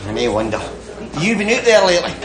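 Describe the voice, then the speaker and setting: An actor playing an excitable, boastful Glasgow pub regular with a Glaswegian accent. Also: male voice, sits high, fast talker, a crowd in the background. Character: wide-eyed, boastful Glasgow pub regular, adult man. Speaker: pub pal. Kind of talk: 1990s sitcom acting.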